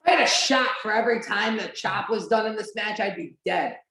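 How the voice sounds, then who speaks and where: Her voice sits at medium pitch with a fairly bright tone, and she speaks fairly quickly. As a podcast host doing a watch-along, she chats casually and animatedly, leaning on "like" and swearing now and then, in a room with noticeable echo.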